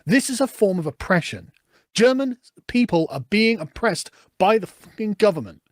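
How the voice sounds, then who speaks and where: British male commentator, sarcastic, animated, high voice. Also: moderate pace, dry recording, studio quality. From Britain. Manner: sarcastic, laughs while reading. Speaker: political commentator. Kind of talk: reading and reacting to news.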